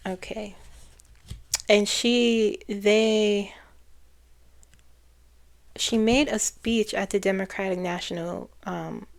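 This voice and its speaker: Woman psychic, unhurried casual monologue, rambling and self-correcting. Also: mid-range voice, steady tone, vocal fry. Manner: rambling, trailing off and restarting phrases. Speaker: psychic channeler.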